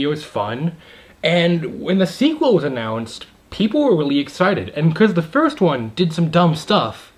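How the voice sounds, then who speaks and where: A young man talks through a movie review in a loose, excited ramble, full of asides and fillers. His pitch swings widely and lively from word to word. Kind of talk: casual video review.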